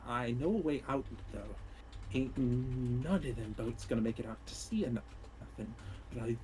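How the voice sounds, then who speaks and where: A grim, weary dockside soldier with a borderline Irish lilt, as a man puts him on, drawling low and resigned in a tabletop game. The voice sits well below the performer's own, with faint hiss behind it. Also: darkish tone, lightly acted, poor audio. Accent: borderline Irish, put on. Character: weary gruff male dock soldier, resigned to dying.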